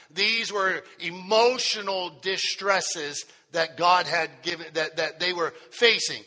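A high-voiced male preacher delivers a sermon at an unhurried pace, stretching out key phrases for emphasis. His bright tone carries a long hall reverb, as in a church sanctuary.

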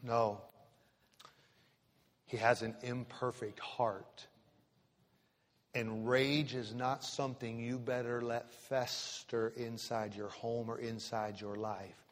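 A male pastor preaching with emphatic repetition, putting pointed questions to his congregation. His voice sits at a middle pitch and rings through a large hall. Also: flat delivery, takes it slowly, pauses often. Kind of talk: sermon. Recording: reverberant church hall.

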